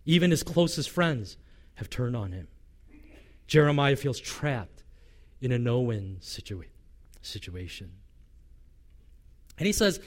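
A man's voice: mid-range voice, very animated, slow, pauses often. A male pastor preaching a sermon with passion, voicing a prophet's complaints in the first person.

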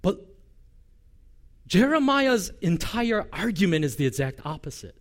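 A man's voice: sits high, big pitch swings, measured pace, pauses often. A male pastor preaching a sermon with passion, voicing a prophet's complaints in the first person.

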